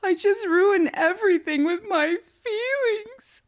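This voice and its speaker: A woman's voice: extremely high pitch, slow, pitched above the performer's own voice. A woman voicing a weepy little cloud spirit that whimpers and sobs. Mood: sobbing. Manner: whimpering, sobbing.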